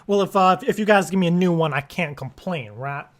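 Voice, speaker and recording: A man's voice: high-pitched, fairly quick. A man making a prank phone call, rambling and stammering in a mock-earnest way. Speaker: prank caller.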